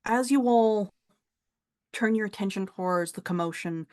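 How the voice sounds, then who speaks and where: A woman's voice: mid-range voice, normal speed, darkish tone. Chatty woman game master. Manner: casual, chatty, laughs between descriptions. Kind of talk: narrating a tabletop game.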